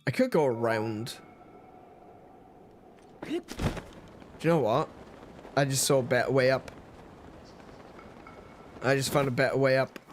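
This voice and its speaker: A man's voice: mid-range voice, animated, takes it slowly, long pauses, slight background noise. A man casually commenting on his gameplay during a live stream, joking with chat and laughing often. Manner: playful, jokey, laughs a lot, talks to chat. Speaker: game streamer.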